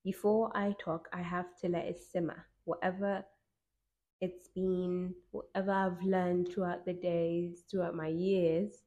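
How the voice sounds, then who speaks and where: A woman's voice: lowish voice, flat delivery, measured pace, a little mellow, lo-fi sound. A woman hosting her own podcast, talking alone in a casual, reflective, self-mocking way. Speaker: podcast host. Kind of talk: casual solo podcast talk.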